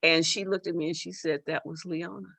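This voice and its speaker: Gravelly bright-voiced woman telling a story. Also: sits low, fairly even intonation, fairly quick, no echo. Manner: emotional storyteller, repeats words and restarts. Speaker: judge and author, guest. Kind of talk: storytelling in a talk-show interview.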